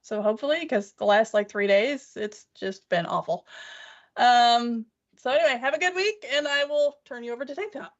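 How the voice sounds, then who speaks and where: A woman from northeast Missouri co-hosting a podcast, chatty and quick to laugh. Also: a little high, dull audio. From northeast Missouri, USA. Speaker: podcast co-host. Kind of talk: casual chat.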